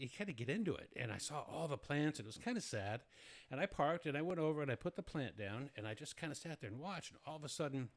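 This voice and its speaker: A man hosting a talk show, chatting casually with a guest and telling lively personal anecdotes. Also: mid-range voice. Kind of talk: casual interview chat.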